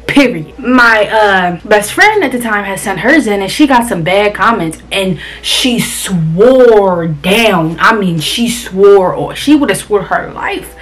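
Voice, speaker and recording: A woman's voice: medium pitch, lively intonation, slow, few pauses, fairly bright tone. A young woman telling a personal story in a casual vlog, blunt and profane, talking around a cough drop. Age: young adult. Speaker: vlogger.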